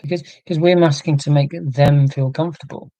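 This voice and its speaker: A man's voice: fairly high pitch, fairly even intonation, a little fast, dark tone, no echo, rough recording. A man chatting casually on a livestream, thinking aloud earnestly with many restarts and answering chat comments. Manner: earnest, rambling musing with frequent restarts.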